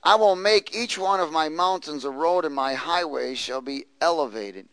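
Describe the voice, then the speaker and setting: A man's voice: fairly high pitch, moderate pace, fairly bright tone, clean tone, dry recording, poor audio. A man preaching a sermon, reading scripture aloud and prompting the congregation to answer and repeat after him. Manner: reads scripture aloud, prompts congregation with call-and-response questions. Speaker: pastor.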